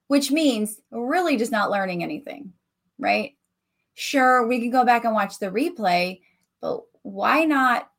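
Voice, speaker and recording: A woman with a Southern US country accent hosting a casual solo podcast, talking directly and animatedly to her listeners. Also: a little high. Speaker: podcast host and coach. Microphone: voice message recording.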